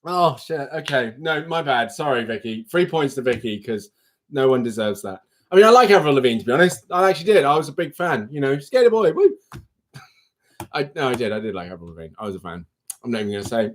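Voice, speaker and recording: A man's voice: mid-range voice, big pitch swings, a little fast, a little hiss or hum. A man hosting a live stream, chatting casually in a giggly, rambling way. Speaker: livestream host. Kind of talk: casual chat.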